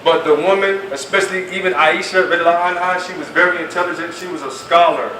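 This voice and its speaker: A man's voice: a little high, steady tone, fast talker, hardly any pauses. A man teaching a class, speaking emphatically and casually and acting out the things people say. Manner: emphatic, colloquial, acts out quoted speech. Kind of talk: classroom lecture. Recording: echoey room, mic at a distance, faint noise.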